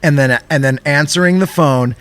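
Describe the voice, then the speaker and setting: A young man co-hosting a podcast, telling an animated story in casual chat and swearing often. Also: fairly high pitch, moderate pace, clear, resonant tone. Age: young adult. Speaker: podcast co-host.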